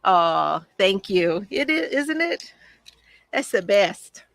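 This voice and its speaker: A woman's voice: mid-range voice, big pitch swings, slow pace, gravelly, fairly bright tone, dry recording. A woman hosting a casual crafting livestream, chatty and gushing as she answers viewer comments from home.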